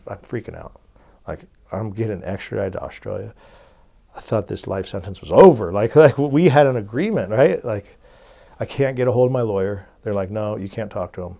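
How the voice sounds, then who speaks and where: A young man with a Californian accent recounts his story as an interview guest. His voice sits low, with a husky, gravelly edge. He acts out the people in his story and keeps checking in with "right?". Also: warm tone.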